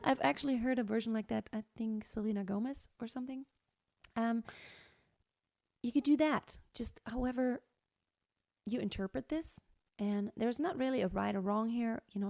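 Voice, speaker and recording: A woman singing teacher explaining a song in a relaxed, chatty way, full of fillers and restarts. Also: fairly high pitch, creaky, dry recording, studio quality. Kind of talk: vocal lesson with sung demonstrations.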